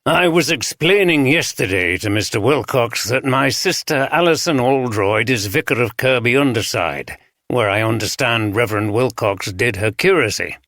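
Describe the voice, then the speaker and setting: A man doing a steady northern detective. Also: medium pitch, normal speed, no room sound, clean studio sound. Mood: calm. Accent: Northern English. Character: steady, unintimidated northern male chief inspector.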